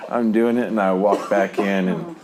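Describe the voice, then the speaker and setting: Deep-voiced man rambling through a testimony. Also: fairly even intonation, measured pace, a crowd in the background. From New Jersey. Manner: rambling, many fillers, frequent chuckles. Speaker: speaker sharing a recovery testimony. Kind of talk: personal testimony storytelling.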